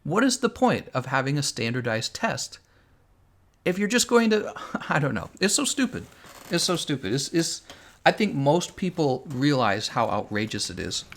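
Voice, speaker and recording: Animated man chatting on a game stream. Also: mid-range voice, moderate pace, gravelly. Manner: animated, opinionated, laughs often. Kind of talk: casual livestream chat while playing.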